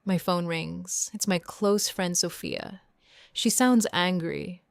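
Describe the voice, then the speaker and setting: A young woman narrating a first-person story in slow, simple, clear sentences for English learners. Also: lowish voice, no room sound, studio quality. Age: young adult. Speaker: audiobook narrator.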